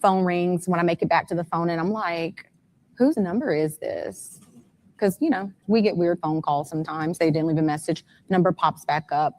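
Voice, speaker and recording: A woman's voice: lowish voice, moderate pace, darkish tone. A woman speaking as an interview guest, a mother telling events step by step in detail and growing urgent and frantic. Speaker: guest, mother of a missing son.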